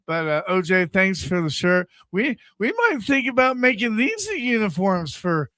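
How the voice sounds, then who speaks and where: High bright-voiced male radio host. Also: moderate pace, dry recording. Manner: animated, stammering restarts. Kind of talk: casual radio banter.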